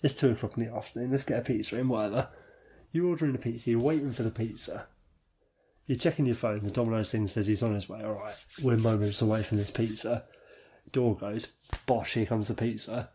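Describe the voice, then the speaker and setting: A man's voice: on the low side, a little fast, a little hiss or hum. A British man co-hosting a podcast, talking in casual, sweary banter and acting out little scenes as he tells a story. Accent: British English. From England. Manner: animated, sweary storytelling with acted-out voices. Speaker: podcast co-host.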